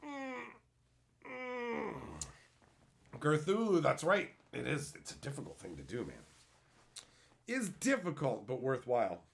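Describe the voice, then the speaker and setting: Man, streamer, casual live chat, profane, laughs a lot, lively pitch. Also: a little slow, vocal fry, long pauses. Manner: profane, animated, laughs often. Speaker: streamer and entertainer. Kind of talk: casual livestream chat with viewers.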